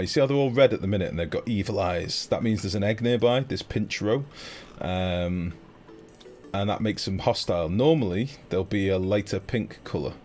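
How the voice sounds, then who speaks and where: A young man commentating casually on a live game stream, chatty and excitable, swearing freely and talking to his chat. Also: fairly low pitch.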